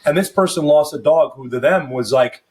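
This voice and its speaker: Podcast host, man in his 30s, slightly high pitch, profane storyteller. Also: moderate pace, darkish tone. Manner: profane, loose storytelling that slips into mock voices. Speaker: podcast host and first responder. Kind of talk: casual podcast chat.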